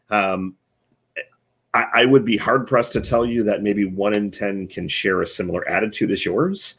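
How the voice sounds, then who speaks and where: Husky, low-voiced man coaching. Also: steady tone, normal speed, fairly bright tone. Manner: earnest coaching, talks in numbered recommendations. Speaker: host and marketing consultant. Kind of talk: conversational advice in a live online chat.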